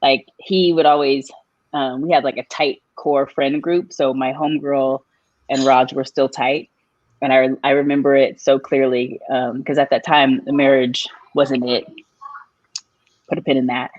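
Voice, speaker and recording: A woman telling a personal story on a live podcast, animated, her voice jumping up high when she quotes people. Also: a little slow, dry recording, dull audio. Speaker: guest.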